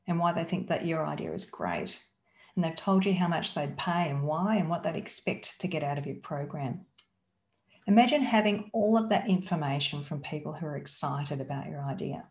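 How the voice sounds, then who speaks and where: A woman's voice: low-pitched, a little mellow. A woman, teaching as a business coach in an emphatic, coaxing way and asking rhetorical questions. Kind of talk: teaching talk. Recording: roomy echo.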